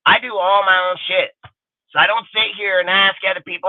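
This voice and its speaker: A man's voice: high-pitched, a little fast, dry recording. A man hosting his own channel, ranting angrily and cursing constantly at his critics. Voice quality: aggressive, profane, combative. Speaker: channel host. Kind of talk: profanity-heavy ranting livestream. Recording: tinny phone-like livestream audio.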